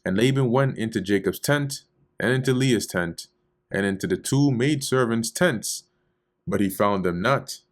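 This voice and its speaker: Man, low voice, casual bible study, reads verses aloud, explains them in loose slang. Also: a little slow. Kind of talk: casual scripture reading and commentary.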